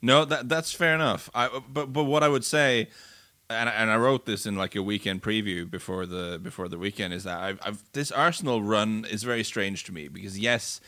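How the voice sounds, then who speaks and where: A man talks through football results in a relaxed podcast chat, his voice bright and forceful though pitched a little low. He restarts sentences and repeats words as he thinks aloud. The sound is dry and close. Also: normal speed, no echo. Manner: fluent but full of restarts and repeated words. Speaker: football pundit. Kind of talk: casual sports podcast analysis.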